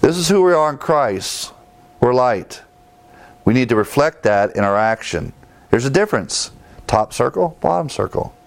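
A man's voice: mid-range voice, expressive, normal speed, vocal fry. A man teaching a sermon, emphatic, repeating key phrases and citing scripture verses. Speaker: preacher.

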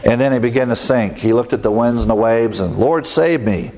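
A man's voice: medium pitch, steady tone, quick pace, darkish tone. A man from the American Midwest preaching a sermon in a conversational way, often laughing at his own jokes. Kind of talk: sermon with humor.

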